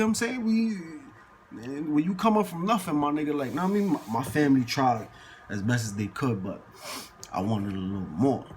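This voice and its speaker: A man's voice: on the high side, normal speed. A man telling a casual story in slangy, profane street talk, acting out the people in it. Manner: slangy and profane, acts out quoted people in lively bursts.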